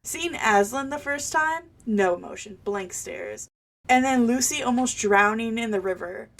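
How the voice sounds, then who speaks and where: A woman's voice: a little high, lively intonation, a little slow. A young adult woman co-hosting a podcast in casual chat, giving blunt, candid opinions with a joking edge. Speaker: podcast co-host.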